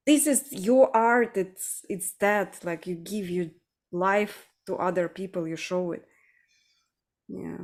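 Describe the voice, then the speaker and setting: A woman with a Russian accent talks slowly and thoughtfully about art and lyrics. She pauses often and fills the gaps with "uh" and "um" as she looks for words. Her pace is unhurried throughout. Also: lowish voice, darkish tone. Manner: thoughtful, hesitant, with many fillers. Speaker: podcast host. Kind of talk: casual conversation about song lyrics.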